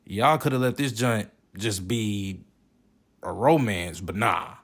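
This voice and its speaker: A man's voice: fairly low pitch, slow. A man giving casual, joking and profane commentary while reviewing movies. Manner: profane, joking, animated reactions.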